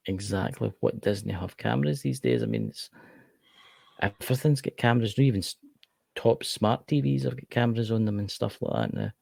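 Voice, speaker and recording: A man's voice: lowish voice, a little fast, gravelly, darkish tone, no echo, clean studio sound. A man co-hosting a podcast, chatting casually and rambling, often repeating himself. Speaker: podcast co-host. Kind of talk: casual chat.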